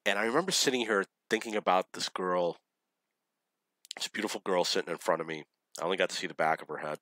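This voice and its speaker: Blunt, bright-toned storytelling man. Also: low voice, fast talker, no room sound. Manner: blunt, opinionated, laughs at his own stories. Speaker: vlogger telling dating stories. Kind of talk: rambling personal storytelling.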